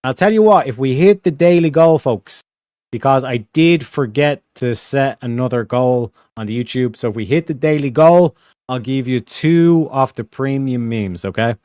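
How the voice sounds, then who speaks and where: A young man hosting a casual livestream, rambling through donation shout-outs with lots of slang and filler phrases. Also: mid-range voice, normal speed, clean tone, no room sound, clean studio sound. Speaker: livestream host reading donations.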